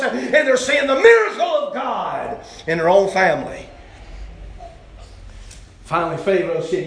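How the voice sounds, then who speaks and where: A man preaching a sermon, telling the story in a folksy way and swinging from shouting to hushed tones. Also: high voice, moderate pace, roomy sound.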